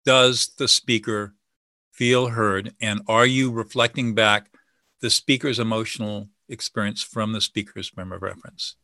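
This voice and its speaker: A man's voice: fairly low pitch, fairly even intonation, a little slow, pushed and bright, no room sound, studio quality. A man speaking as an expert guest in an interview, explaining listening and de-escalation in a confident, teaching way. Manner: confident, teaching, acts out sample dialogue.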